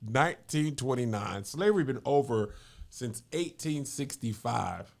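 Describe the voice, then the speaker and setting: A man's voice: medium pitch, lively intonation, a little slow, gravelly. A man hosting a podcast in casual chat, easygoing and rambling. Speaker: podcast host.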